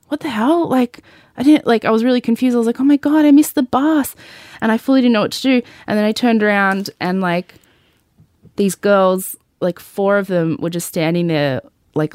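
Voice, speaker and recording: A woman's voice: mid-range voice, no room sound, clean studio sound. A woman hosting a podcast, telling a personal story in chatty talk full of "like" and the odd swear word. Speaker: podcast host. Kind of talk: personal storytelling in casual chat.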